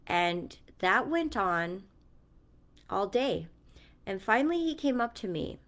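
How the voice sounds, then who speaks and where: A mother speaks casually and earnestly in a reflective vlog, telling a story about her son and reflecting on her Bible reading with conviction. Her medium-pitched voice is sing-song and a bit bright, and she goes slowly with long pauses.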